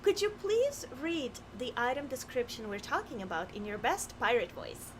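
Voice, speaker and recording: A woman co-hosting a game stream in casual, excitable chat, often flustered. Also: a little high, moderate pace, noisy background. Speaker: streamer co-host.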